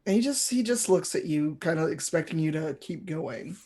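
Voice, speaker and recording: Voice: mid-range voice, lively intonation, moderate pace, mellow. Rambling game master narrating a tabletop game. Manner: rambling, many fillers and restarts.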